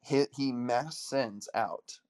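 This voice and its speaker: A man's voice: mid-range voice, slow. A man coaching an audience in a motivational talk, telling stories energetically and acting out the dialogue. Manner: energetic storytelling, acts out quoted dialogue.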